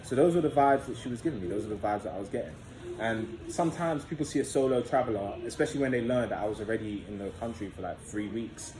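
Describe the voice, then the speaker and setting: A man's voice: mid-range voice, fast, over music. A young man telling a story to his vlog audience in a loose, profane, casual way, full of fillers. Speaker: vlogger. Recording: echoey room with faint background noise.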